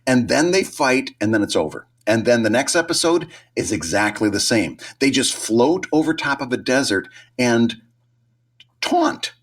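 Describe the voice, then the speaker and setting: A man co-hosting a podcast in casual chat, animated and acting out quoted lines. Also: medium pitch, moderate pace. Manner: animated, acts out quoted lines in changing voices. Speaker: podcast co-host.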